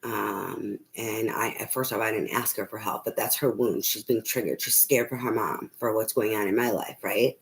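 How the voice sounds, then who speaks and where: A woman's voice: rumbling low, fairly even intonation, moderate pace, creaky, few pauses, low-quality recording. A middle-aged woman, a tarot reader, venting about family trouble in a blunt, emphatic way, swearing often and restarting her sentences. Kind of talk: emotional personal venting monologue.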